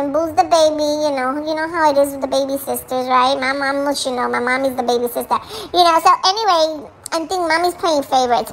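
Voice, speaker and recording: A woman voicing a small, jealous, dramatic female chihuahua who chats away and switches between English and Spanish. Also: slight background noise. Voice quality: very high, bright dog voice.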